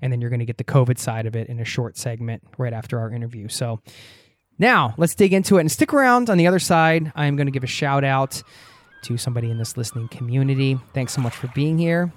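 A man hosts a podcast in a relaxed, conversational way, laughing easily between thoughts. His voice sits at an ordinary middle pitch. The recording is close and dry, with no room sound. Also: fast, no echo. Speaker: podcast host. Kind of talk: casual podcast interview. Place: home in Norway.

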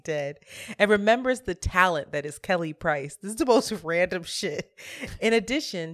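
A woman's voice: on the low side, a bit bright, no echo, clean studio sound. A woman co-hosting a podcast in casual chat, laughing often as she reads out episode summaries. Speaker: podcast co-host.

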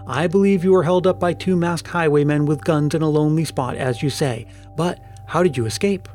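An eager, curious young daughter, voiced by a man in a storybook serial. The voice lifts a little higher, with faint music underneath. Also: a little fast, a little mellow, natural voice.

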